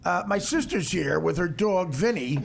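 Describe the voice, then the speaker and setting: A man hosting a comedy podcast, teasing his guests in loud, joking banter. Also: sits high, expressive, moderate pace, creaky, a crowd in the background. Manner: loud, teasing, bursts into shouts and laughter. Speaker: podcast host.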